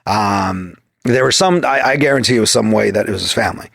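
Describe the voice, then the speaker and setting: A man's voice: on the low side, a little fast, gravelly, a bit bright, no echo, studio quality. A man telling stories in a loose, profane podcast chat, often acting out quoted back-and-forth. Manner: swears constantly, acts out quoted exchanges. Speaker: podcast guest. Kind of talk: profane casual storytelling.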